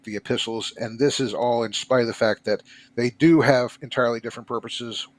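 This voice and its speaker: A man speaking as a podcast guest, explaining in a measured way with frequent fillers. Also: medium pitch, steady tone. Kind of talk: explanatory discussion.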